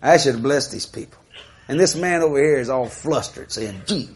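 A man preaching a sermon, telling a story in an animated, laughing way and acting out what people said. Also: medium pitch, fairly quick, slight background noise.

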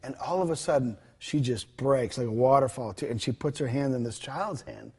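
Speaking a little fast at a medium pitch, a man with a husky, darkish, sing-song voice shares a ministry testimony as an interview guest. His conversational retelling of the dialogue is full of fillers and restarts.

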